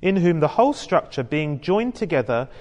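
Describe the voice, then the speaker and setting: A man's voice: on the high side, very animated, normal speed, a little mellow, muffled recording. Chatty British man preaching in a hall. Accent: British English. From United Kingdom. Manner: chatty, joking asides, talks to the congregation. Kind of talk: sermon. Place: church hall with a congregation.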